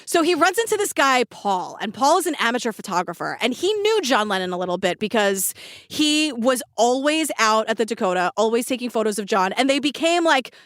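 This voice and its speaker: A woman's voice: on the high side, big pitch swings, brisk, fairly bright tone, no room sound, studio quality. A woman co-hosting a podcast in casual chat, blunt and profane, retelling scenes in little voices. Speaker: podcast co-host. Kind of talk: casual true-crime chat.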